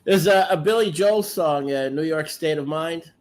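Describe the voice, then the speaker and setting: Call-in guest, male, fairly high voice, halting and fussy, keeps correcting details. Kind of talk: casual chat.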